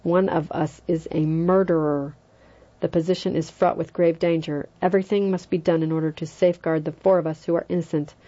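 A calm, precise elderly judge, read by a woman narrator in a low, dark voice. He speaks formally and without haste, each word weighed. The audio is slightly dull and lo-fi. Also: close to an everyday voice. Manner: measured, formal, unhurried.

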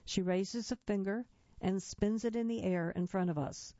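A woman reading magazine articles aloud in a steady, measured delivery, in a slightly muffled recording. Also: mid-range voice, no echo. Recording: dull, muffled dry recording.

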